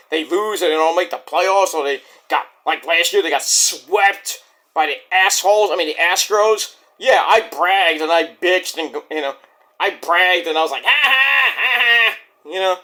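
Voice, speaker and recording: A man's voice: sits high, bright, forceful tone. A man, ranting bluntly and profanely in a rambling casual monologue as a vlog host.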